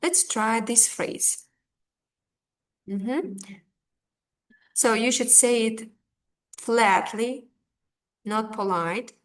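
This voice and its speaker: Woman teacher, unhurried, patient, filler words. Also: fairly high pitch. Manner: slow, patient, with fillers and restarts. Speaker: English teacher. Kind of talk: online language lesson.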